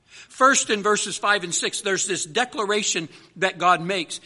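A man preaching a sermon as pastor, building rhythmic repeated lists and slowing down to stress key words. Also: high voice, sharp tone.

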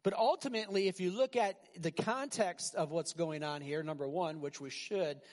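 A male pastor preaching an animated, conversational sermon full of rhetorical questions. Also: a little high, normal speed, long reverb tail.

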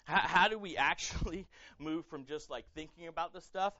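A man's voice: fairly high pitch, normal speed, no echo. Male pastor, fervent stumbling delivery, brassy edge, dry and a little dull on the mic. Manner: impassioned, repeats words and restarts, rising to near-shouting. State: emotionally raw. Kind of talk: sermon.

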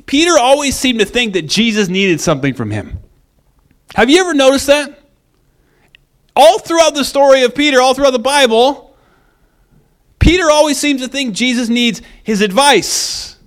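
High-voiced guy preaching casually, lively, acts out the quotes. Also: normal speed. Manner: animated, acts out quoted lines. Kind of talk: conversational sermon.

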